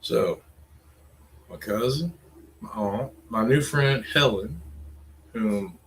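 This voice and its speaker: A man's voice: medium pitch, slow pace, fairly bright tone, a little hiss or hum. A middle-aged man, ranting casually in a crude, profane, rambling way. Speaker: vlogger.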